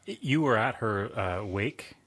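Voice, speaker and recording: Husky-voiced male interviewer. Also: lowish voice, expressive, measured pace, fairly bright tone. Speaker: radio interviewer. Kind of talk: broadcast interview.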